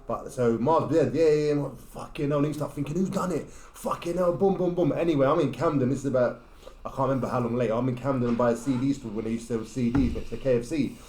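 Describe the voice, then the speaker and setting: A man's voice: medium pitch, fast, darkish tone, reverberant. A man, a podcast guest who tells a casual story in a streetwise way and acts out what people said. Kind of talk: casual anecdote in a podcast chat.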